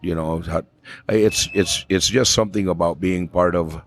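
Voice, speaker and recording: A man's voice: sits low, steady tone, normal speed, a little hiss or hum. A man with a New Mexican accent, a flamenco singer talking as a podcast guest, thoughtful and often repeating words as he searches for them. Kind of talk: casual conversation.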